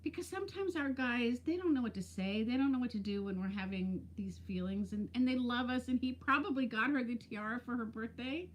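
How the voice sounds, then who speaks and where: A woman's voice: fairly high pitch, brisk, few pauses. A woman in her fifties chatting casually on a live stream, telling stories and greeting viewers by name. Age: 50s. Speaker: weight-loss vlogger.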